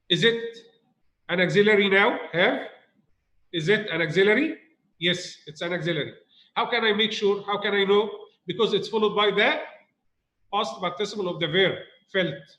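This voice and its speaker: A man's voice: sits high, sharp tone, echoey room, low-quality recording. A male English teacher giving a recorded grammar lesson, repeating key points and asking students rhetorical questions.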